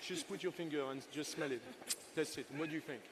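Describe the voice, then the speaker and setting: A man's voice: fairly high pitch, fast talker, background noise. A man in his sixties, a chef giving a live cooking masterclass on a festival stage, chatty and playful with his helpers and the crowd.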